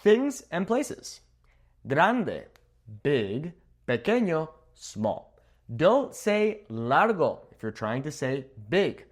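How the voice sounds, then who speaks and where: Young male teacher, animated pitch, upbeat and joking, whiteboard lesson. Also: extremely slow. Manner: upbeat, playful, laughs at own jokes. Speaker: Spanish teacher. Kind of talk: video language lesson. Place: room with a whiteboard.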